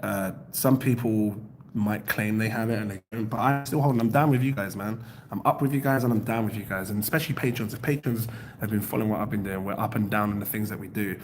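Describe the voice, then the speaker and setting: A man's voice: lowish voice, fast talker, slight background noise. A man hosting a casual crypto livestream from home, rambling as he reads out viewer comments and web pages. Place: home, near his kitchen.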